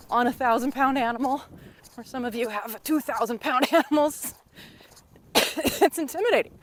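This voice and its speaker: A woman's voice: high voice, a bit bright. A woman riding instructor teaching while she rides a horse outdoors in the wind, coaching in a teasing, encouraging way.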